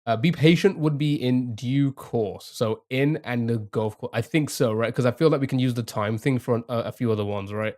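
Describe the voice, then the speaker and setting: A man's voice: mid-range voice, normal speed, hardly any pauses, a little mellow. A young man streaming a game live, thinking aloud, chatting to viewers and laughing often. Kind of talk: casual live-stream commentary.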